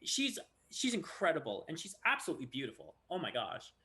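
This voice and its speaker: Lively male voice actor telling stories, bright voice that swoops a lot; casual chat. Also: a little high, fairly quick. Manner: animated storyteller who acts out quotes. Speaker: voice actor guest.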